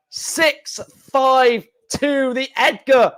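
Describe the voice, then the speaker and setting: Excitable man commentating live. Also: high voice, takes it slowly. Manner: excitable, shouting at big moments, repeating "wow". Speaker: live stream host.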